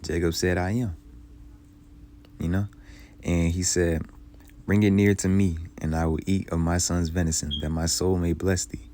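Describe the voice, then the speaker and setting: A man teaching from the Bible, reading old scripture slowly and then explaining it in loose, casual, emphatic speech. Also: sits low, little pitch movement, mellow. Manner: heated, emphatic commentary.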